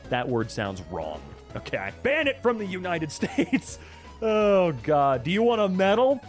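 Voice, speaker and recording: A man doing casual reaction commentary, animated and sarcastic, with plenty of swearing and asides. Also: fairly high pitch. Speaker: reaction streamer.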